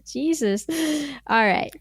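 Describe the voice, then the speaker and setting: A woman's voice: high voice, sing-song, very slow, dry recording, studio quality. A woman hosting a podcast in casual chat. She laughs often and acts out quotes in exaggerated voices. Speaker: podcast host.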